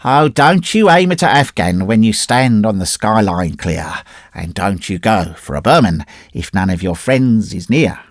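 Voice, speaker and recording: A man's voice: fairly low pitch, expressive, unhurried, no room sound, clean studio sound. A man voicing a cheeky little Cockney army private, brash and raucous, with a Cockney accent. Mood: raucous chanting.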